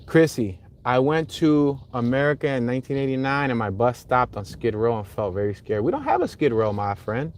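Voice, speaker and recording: A man's voice: mid-range voice, expressive, a little fast, hardly any pauses. A man hosting a live driving tour, chatting casually and reading out viewer comments as he goes. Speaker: livestream host driving a neighborhood tour. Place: inside a car on city streets.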